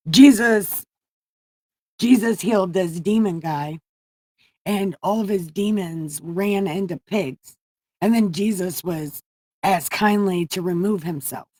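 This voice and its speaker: A woman's voice: mid-range voice, darkish tone, no room sound. A woman hosting a livestream, retelling Bible stories casually in a profane, rambling, jokey way from a room at home. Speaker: livestream host.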